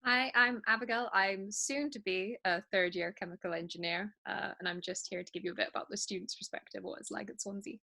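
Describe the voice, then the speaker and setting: A young woman student introduces herself on a video call. Her voice is bright and sharp, with a gravelly fry, and she speaks quietly and briskly. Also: medium pitch, fairly even intonation. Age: young adult. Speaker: chemical engineering student. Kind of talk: brief introduction.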